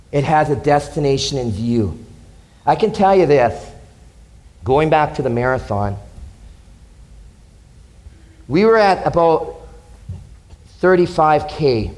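Passionate pastor preaching. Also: male voice, medium pitch, a little mellow, rough recording. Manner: passionate, emphatic preaching with repeated phrases. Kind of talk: sermon.

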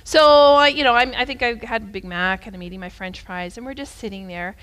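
A woman preacher giving a sermon as a story, talking in an animated, conversational way that swings between loud and hushed. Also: fairly high pitch, fairly quick.

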